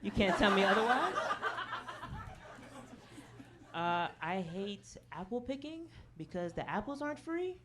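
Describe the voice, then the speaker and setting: A sing-song, medium-pitched woman rattles through her stand-up set a little fast, with few pauses, chatting with the comedy club crowd. Her asides of "okay?" and "right?" come often, as does her own laughter at her jokes. Background noise and audience laughter come through her handheld stage mic.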